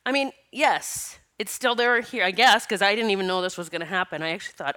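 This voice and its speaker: A woman's voice: medium pitch, very animated, a little fast, hardly any pauses, bright, forceful tone. A middle-aged woman hosting a casual spiritual podcast, tearful and sniffling, talking in an emotional, rambling way with bursts of laughter. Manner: emotional, rambling, breaks into laughter between tears. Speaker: podcast host.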